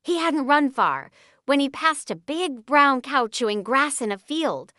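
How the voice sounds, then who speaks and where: A woman narrating a children's storybook in an expressive, animated way. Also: high voice, unhurried, no room sound, studio quality.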